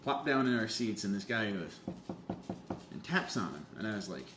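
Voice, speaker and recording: Dude, lowish voice, animated story, cusses a lot, echoey room with a faint hum. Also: male voice, normal speed. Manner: animated, swears freely, acts out quotes. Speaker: podcast guest. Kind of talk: casual storytelling chat.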